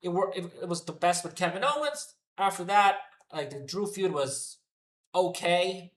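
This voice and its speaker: A man ranting through an unscripted wrestling review, swearing freely and sounding fed up. His voice sits a little higher than most men's. It bounces around an echoey room. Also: moderate pace. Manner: profane, exasperated ranting. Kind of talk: unscripted solo rant review.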